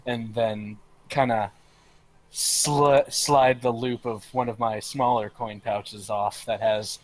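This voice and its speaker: A man playing a tabletop game, speaking in a measured, polite way as his character. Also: medium pitch, steady tone. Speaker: player. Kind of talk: tabletop role-play.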